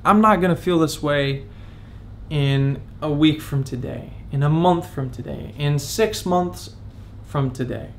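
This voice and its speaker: A young man in his twenties talks through his feelings in a candid, reflective vlog, his voice edging toward tears. His tone is gravelly and sits a little higher than most men's. A faint ambient hiss runs under the recording. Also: unhurried. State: close to tears. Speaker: vlogger. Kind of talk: confessional vlog.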